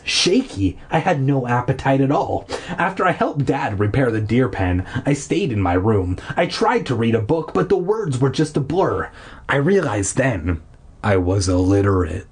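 A man reading a storybook aloud in a relaxed, irreverent way, with a husky, breathy voice. His pitch moves around a lot as he goes. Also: unhurried. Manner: irreverent, laughs and swears at his own slips. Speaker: reader of a children's horror novel. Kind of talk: casual audiobook reading with jokey asides.

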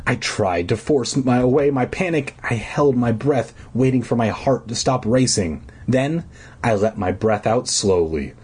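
Husky and a little mellow, this mid-range male voice reads horror at a measured pace purely for laughs, breaking off to swear, snark, and ham up the drama.

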